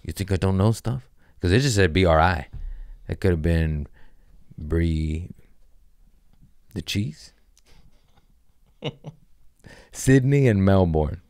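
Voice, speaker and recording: A man's voice: sits low, lively intonation, slow pace, pauses often, darkish tone, clean tone, dry recording, studio quality. A man around forty hosting his own podcast, riffing loosely and jokingly in casual, profane chat. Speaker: comedian podcast host.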